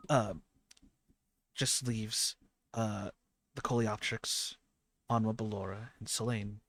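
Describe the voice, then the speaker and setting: A man narrating a tabletop game as game master, halting with many fillers. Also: lowish voice, steady tone, fairly bright tone, no room sound.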